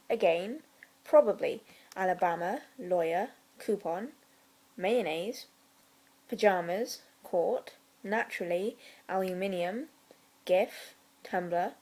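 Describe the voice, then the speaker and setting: A young woman from South Wales with a Welsh accent, chatting casually through a question list with deadpan, dry humour and quiet whispered asides. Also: on the low side, poor audio. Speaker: vlogger. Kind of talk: casual chat.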